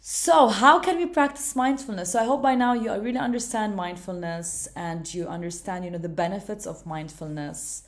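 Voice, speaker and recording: A woman speaking at an ordinary middle pitch, teaching mindfulness in a relaxed, conversational way. She talks gently and chats as she explains, dropping in "you know," "okay" and "right" along the way. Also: normal speed, few pauses. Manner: gentle, chatty, many fillers and "okay", "right". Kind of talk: casual teaching monologue.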